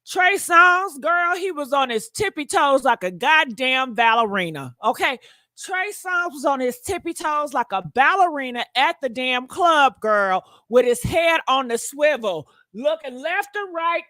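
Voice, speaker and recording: A woman hosting a gossip channel, talking loud and sassy with plenty of profanity, calling her viewers girl and honey. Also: high voice, no room sound, studio quality. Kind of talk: casual gossip commentary.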